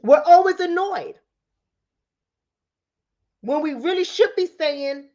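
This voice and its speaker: Bronx-raised woman, New York accent, high voice, rapid and preachy, direct-to-camera, dull lo-fi audio. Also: lively intonation, mellow. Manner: fast-talking, preachy, rhetorical questions to viewers. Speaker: relationship coach and commentator.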